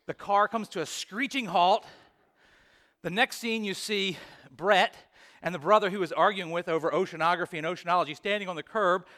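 A man's voice: high-pitched, brisk, sharp tone. A man preaching a sermon as pastor, reading scripture, praying and telling stories in an earnest, emphatic way.

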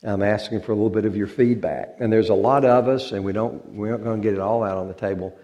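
Folksy pastor with a mellow, low voice. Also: male voice, steady tone, quick pace. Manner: folksy and joking, drawls words for effect. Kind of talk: informal talk to a congregation. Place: church sanctuary.

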